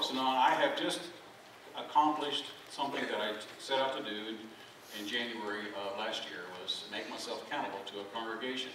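A middle-aged man, a pastor giving a folksy, self-deprecating sermon and joking with his congregation. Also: medium pitch. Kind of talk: conversational sermon. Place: church sanctuary. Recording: very echoey hall, mic from far off, background noise.

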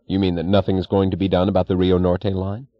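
A man's voice: sits low, little pitch movement, brisk, no echo, muffled recording, lightly acted. A man reading an audiobook voices an earnest, worried young railroad assistant who speaks urgently and plainly. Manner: urgent, pleading, plain-spoken.

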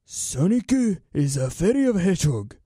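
A man imitating an older Japanese-accented man, halting broken phrasing, mildly puzzled tone, dry close sound. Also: on the high side, sing-song, warm tone, slightly rough, dry recording. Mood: gently puzzled. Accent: Japanese, put on. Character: elderly Japanese man, a game artist, gently matter-of-fact.

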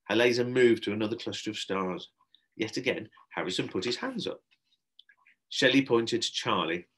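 A man, a primary school teacher, reading a children's book aloud with expressive narration. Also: fairly low pitch, moderate pace, breathy edge.

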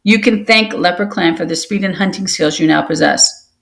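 A woman's voice: fairly low pitch, normal speed, vocal fry, rough recording. A woman voicing a stern, wise old male warrior cat who lectures young apprentices in a storybook reading. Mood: stern lecturing. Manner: gently scolding, lecturing.

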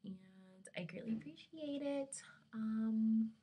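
A woman's voice: fairly high pitch, lively intonation, slow, slightly rough, highs cut off. A young woman vlogging casually from her dorm room, rambling along with lots of fillers, her camera resting on her lap. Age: young adult.

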